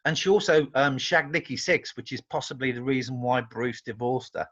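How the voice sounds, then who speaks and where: An English man, a guest musician, telling animated, rambling anecdotes in casual chat, often restarting his sentences. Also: medium pitch, normal speed, muffled recording.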